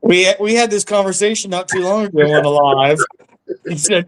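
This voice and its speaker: A man's voice: sits high, steady tone, brisk, slight background noise, low-quality recording. A man chiming in on a casual live stream chat, eager and joking.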